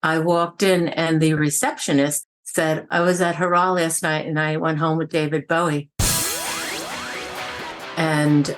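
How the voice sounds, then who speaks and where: A woman on a podcast telling a wry anecdote with quick asides. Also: low-pitched, faint music behind. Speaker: interviewed guest telling a story. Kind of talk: casual anecdote.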